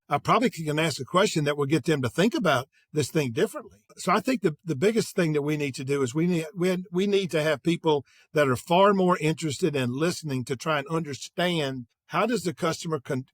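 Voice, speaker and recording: A man's voice: fairly high pitch, no room sound. Upbeat older man telling sales stories. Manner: energetic anecdotes with quoted dialogue. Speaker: guest, sales executive. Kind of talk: conversational interview storytelling.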